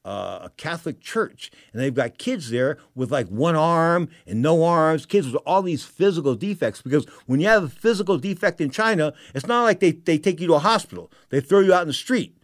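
A middle-aged man from San Francisco hosting a talk radio show, telling stories in an emotional, animated way with repeated phrases. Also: on the high side, brisk, few pauses, dry recording, studio quality. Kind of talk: storytelling talk radio monologue.

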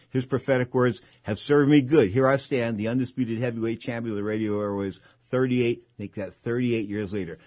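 A man's voice: mid-range voice, fairly even intonation, brisk, hardly any pauses, darkish tone, no echo. A man in his sixties hosting a radio talk show, telling long, rambling stories that drift from topic to topic. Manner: rambling, digressive storytelling.

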